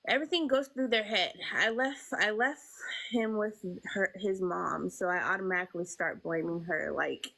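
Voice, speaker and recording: A young woman telling a painful personal story as an interview guest, halting and emotional, with many fillers. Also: mid-range voice, gravelly, pushed and bright, low-quality recording.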